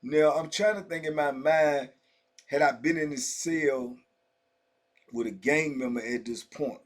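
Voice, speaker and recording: Middle-aged man, a bit high for his sex, spinning casual prison stories in loose, slangy talk full of "you know" asides. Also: measured pace. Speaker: storyteller recounting prison life. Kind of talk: casual first-person storytelling.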